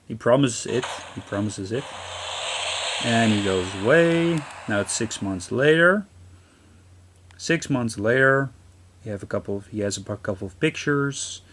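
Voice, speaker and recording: A man's voice: mid-range voice, lively intonation, a little slow, a bit bright, slight background noise. A man giving casual, rambling let's-play commentary, often apologizing and restarting his sentences, recorded on a camera mic aimed at a handheld console screen. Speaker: gaming channel host. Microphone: camera mic filming a handheld console screen. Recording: game music playing behind the voice.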